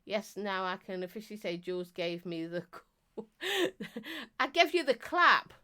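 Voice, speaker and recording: A woman's voice: medium pitch, animated, a little slow, pushed and bright. Middle-aged woman, live-stream chatter, teasing, non-stop talker. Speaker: vape reviewer and live streamer. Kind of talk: casual live-stream chat reading viewer comments.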